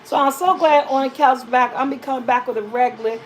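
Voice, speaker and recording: A woman with a high voice hosts a relaxed live chat with her viewers. She rambles and repeats words and phrases as she goes, and calls out to her audience as y'all. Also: fast, a little hiss or hum. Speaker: vlogger host. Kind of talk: casual live-stream chat reading viewer comments.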